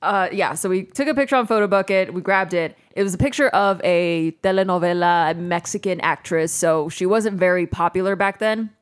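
Woman in her thirties, lively storyteller. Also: on the low side, a little fast, hardly any pauses, smooth. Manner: animated storyteller, laughs often. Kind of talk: casual chat.

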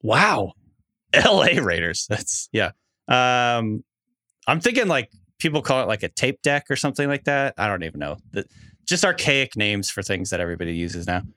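A man co-hosting a podcast in casual chat, laughing easily and reacting quickly. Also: mid-range voice, sing-song, sharp tone, no room sound, studio quality. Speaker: podcast co-host.

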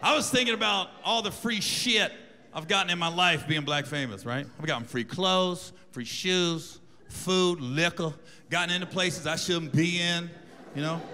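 A man doing stand-up, telling a profane, animated story to a live audience. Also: high-pitched, moderate pace. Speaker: stand-up comedian. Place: large live venue. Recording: echoey hall with audience noise.

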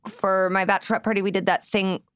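A woman's voice: medium pitch, level tone, quick pace, fairly bright tone, smooth, dry recording, clean studio sound. Wry young woman guest, laughing as she talks. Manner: wry, laughing while telling anecdotes. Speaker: comedian guest. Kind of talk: casual chat. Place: studio.

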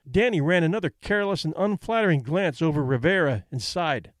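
A man narrating an audiobook with measured, expressive storytelling. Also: a little high, no room sound, studio quality. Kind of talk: scripted narration.

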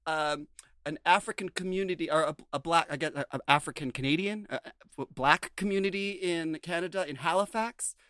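A man's voice: on the high side, fairly quick, sharp tone, clear, resonant tone, no room sound, studio quality. Chatty man rambling through a show recap. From United States. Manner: chatty, rambling, full of fillers and restarts. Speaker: podcast co-host. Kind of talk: casual chat recapping a TV show.

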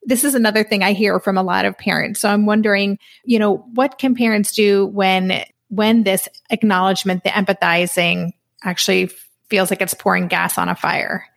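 A woman hosting a podcast interview, asking thoughtful questions in a friendly, conversational way with soft laughs. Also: medium pitch, fairly even intonation, moderate pace, creaky. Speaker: podcast host.

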